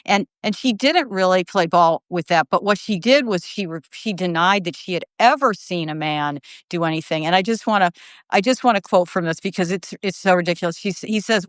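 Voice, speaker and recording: Woman, middle-aged, co-host, somewhat low voice, animated, dry close sound. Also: a little fast, dry recording. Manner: animated, quotes others in put-on voices. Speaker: journalist and co-host. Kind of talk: casual conversation on a live stream.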